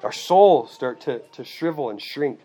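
A man's voice: medium pitch, expressive, unhurried, dark tone. A man preaching a sermon, teaching in a conversational way and often checking in with his listeners with "okay" and "right.". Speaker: pastor.

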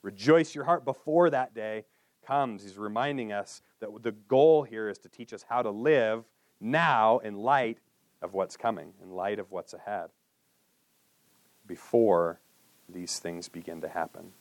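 A man preaching a sermon, his voice sitting low and earnest. He sinks into a hushed tone on solemn words and rises when he presses a point. The sound is dry and close, with no room around him. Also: unhurried, no echo. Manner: earnest, with drops to a hushed low voice and lifts for emphasis. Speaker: pastor.

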